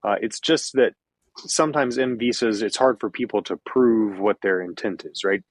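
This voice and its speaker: A man from Kentucky with a General American accent, a former visa officer calmly explaining in an interview and repeating his key points. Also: fairly low pitch, moderate pace, dry recording, low-quality recording. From Kentucky, USA. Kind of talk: interview answers.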